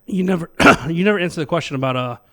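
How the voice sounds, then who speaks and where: Joking man co-hosting a podcast, slightly higher voice. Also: expressive, fast, a bit bright. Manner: easygoing, joking, laughs often. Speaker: podcast co-host. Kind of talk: casual chat.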